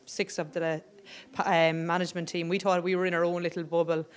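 An Irish woman talks about her team in a radio interview, modest and quick to laugh. Her voice sounds smooth and clean. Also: lowish voice, level tone. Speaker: guest, footballer.

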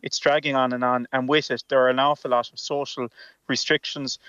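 An Irish man, a politician, answering questions in a radio panel interview over a remote call, earnest and quick, often repeating words at the start of sentences. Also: medium pitch, flat delivery, a bit bright, clean tone, no room sound, highs cut off. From Ireland. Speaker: politician guest.

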